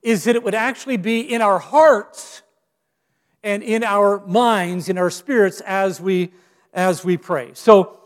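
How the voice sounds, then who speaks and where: A man's voice: high voice, unhurried, long reverb tail. A man preaching as a guest speaker, joking about himself and restarting his phrases as he speaks. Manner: self-deprecating humor, frequent restarts. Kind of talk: sermon. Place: church sanctuary.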